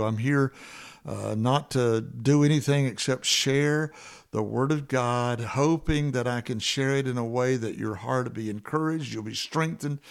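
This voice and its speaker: A man teaching from the Bible in a conversational sermon, earnest, with frequent fillers and restarts, who slows down and lifts his voice to repeat key verses. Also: medium pitch, creaky. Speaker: preacher.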